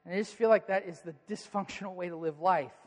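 A man with a high voice preaches a sermon from the pulpit. He climbs louder to hammer his points, then drops to soft, quiet questions. His voice rings with a long hall reverb. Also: fast talker. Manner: rises in pitch and volume for emphasis, drops to quiet asides. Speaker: pastor.

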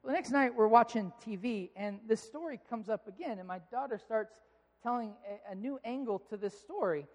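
A man in his thirties preaching a sermon, telling family stories in a relaxed, conversational way. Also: high voice, brisk. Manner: conversational, storytelling, animated when amused. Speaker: pastor. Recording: long reverb of a large hall.

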